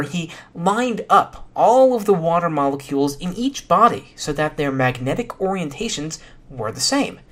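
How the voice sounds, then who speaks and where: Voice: medium pitch, fairly bright tone. A podcast host giving a solo science explanation in a casual, dry and sardonic way, with some fillers.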